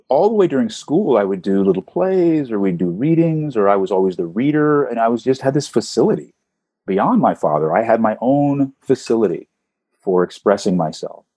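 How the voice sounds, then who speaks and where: A man, a voice actor, talking casually in an interview, telling animated stories and swooping up in pitch for emphasis. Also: slightly rough, no room sound. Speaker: voice actor guest.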